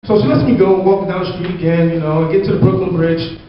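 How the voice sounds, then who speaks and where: A man performing a stand-up comedy set, loud, and jumping into high-pitched voices for the people in his jokes. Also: fairly even intonation, fast, a little hiss or hum. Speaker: stand-up comic. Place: comedy club stage. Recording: echoey, dull club recording.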